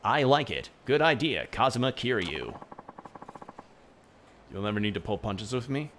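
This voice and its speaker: A man voicing a cocky foreign male street fighter in a flat, robotic voice. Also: fairly low pitch, moderate pace, a little hiss or hum. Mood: eager.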